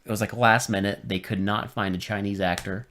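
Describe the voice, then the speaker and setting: A man co-hosting a podcast in casual chat, animated and finishing his co-host's sentences. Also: fairly low pitch, a little fast, a little hiss or hum. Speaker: podcast co-host.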